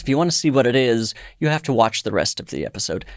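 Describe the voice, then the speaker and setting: A man hosting a comedy podcast in a studio, delivering absurd jokes deadpan. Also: mid-range voice, quick pace, dry recording. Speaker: podcast host.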